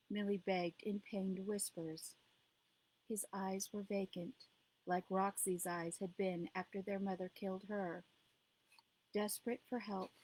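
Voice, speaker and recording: A woman reading her own novel aloud as narrator, in a steady, measured storytelling voice. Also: mid-range voice, poor audio. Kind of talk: audiobook reading.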